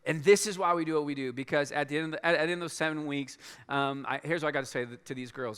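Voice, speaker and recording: A man speaking as a pastor to his church in a large auditorium, earnest and halting, with many restarts. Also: a little high, fairly bright tone, clear, resonant tone. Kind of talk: church announcement and sermon. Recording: long hall reverb.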